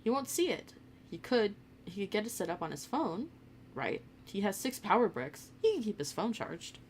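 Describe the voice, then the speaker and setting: A woman's voice: mid-range voice, sing-song, moderate pace, a little hiss or hum. A woman casually reading fan fiction aloud and chatting between passages, laughing often. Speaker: fanfic reader.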